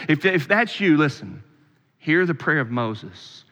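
A man preaching a sermon as a pastor, emphatic and repetitive, often dropping suddenly to a quiet voice. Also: a little high, very animated, measured pace, big-room sound, highs cut off.

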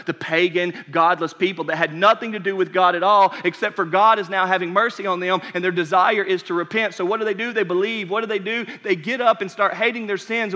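A man preaching a sermon as pastor, passionate, swinging from near-shouts down to whispers. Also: sits high. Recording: reverberant hall.

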